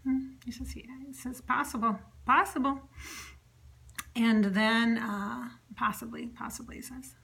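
A woman medium talking alone, chatty, relaying an unseen spirit's words and often dropping to a soft whisper. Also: a little high, unhurried, creaky. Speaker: psychic medium. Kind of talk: solo channeling monologue.

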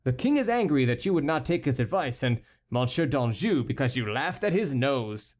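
A man's voice: medium pitch, very animated, moderate pace, darkish tone. Foppish young courtier, ironic, mock-lamenting, man reading.

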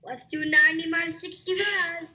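A woman acting as the host's assistant, matter-of-fact and blunt, giving quick instructions in casual chat. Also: very high-pitched, fairly even intonation, background noise. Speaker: assistant and co-host.

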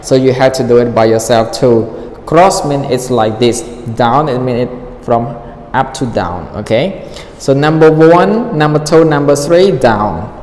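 A man teaching an English lesson, repeating vocabulary slowly and acting out rising and falling intonation. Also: medium pitch, animated, darkish tone. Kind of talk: online classroom explanation. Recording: echoey reverberant room with faint noise.

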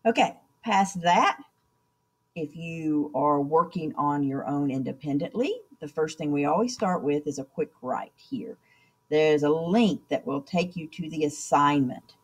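A woman teacher with a low voice records a walkthrough of class assignments at her computer. She is chatty and keeps checking in with "okay?" as she goes. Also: measured pace, breathy edge. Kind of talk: screen-recorded class instructions.

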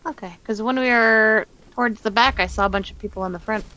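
A woman's voice: a little high, fast talker, sharp tone, lo-fi sound, a little hiss or hum. A woman chatting casually while playing a game, teasing her partner in a dry way. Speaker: co-player. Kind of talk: casual gameplay chat.

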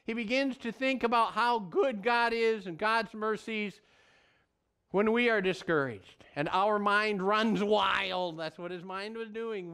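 A middle-aged male pastor preaching a sermon in an earnest, folksy storytelling way with animated asides. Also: high-pitched, smooth.

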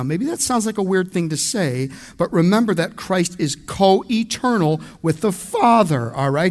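An American pastor preaches an expository sermon in an emphatic, conversational style, addressing his congregation directly. His voice has a fairly high pitch.

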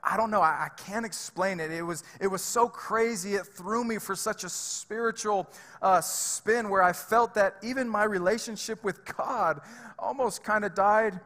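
A man preaching from a church stage, his voice high and bright with a forceful edge. He talks to the congregation casually and with emphasis, full of fillers and repeated words. The big sanctuary lends a long reverb to every phrase. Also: normal speed. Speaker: pastor. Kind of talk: sermon.

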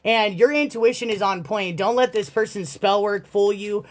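A tarot reader talking straight to the viewer in a blunt, sassy way, swearing freely. The delivery is loose and conversational, at a middle pitch. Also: normal speed. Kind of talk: casual tarot reading monologue.

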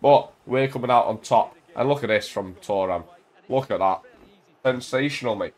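A young man casually commentating on his own football video game at home into a desk mic, full of banter and bursting into shouts when his team scores. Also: medium pitch, normal speed. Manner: excitable, banter-filled, shouts at goals. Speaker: gaming YouTuber.

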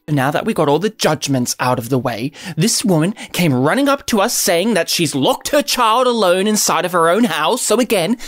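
A woman's voice: lowish voice, dry recording. An Australian woman telling a comic story in a rambling, digressive, mock-earnest way.

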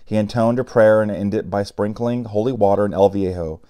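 Guy reading a novel out loud, low voice, chatty little asides. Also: steady tone, moderate pace. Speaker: audiobook reader.

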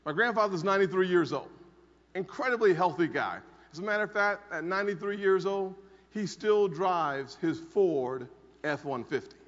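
A man's voice: sits high, lively intonation, moderate pace, a bit bright. A man in his forties giving an emphatic conference speech, telling a personal story and repeating key lines from a podium microphone. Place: large conference hall. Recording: dull audio with long hall reverb.

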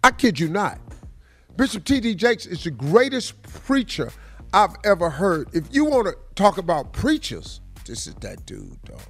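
Male radio host, high voice, gravelly edge, laid-back slangy storytelling, faint music underneath. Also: huge pitch swings, unhurried. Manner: laid-back and slangy, often says "dog" and "man". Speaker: radio morning show host. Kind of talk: casual storytelling chat and motivational talk. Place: radio studio.

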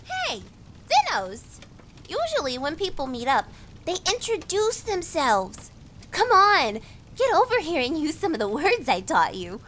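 A woman brings to life a nosy little gnome woman with a shrill, eager voice that leaps way up high and swings all over the place. She sounds bossy and curious. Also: wildly swooping pitch, a little slow, fairly bright tone, a little hiss or hum, heavily acted.

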